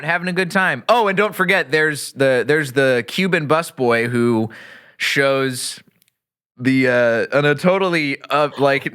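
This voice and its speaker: A man from Texas hosting a casual comedy podcast, rambling and animated as he riffs on a movie, often laughing mid-sentence. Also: medium pitch, clear, resonant tone. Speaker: podcast host.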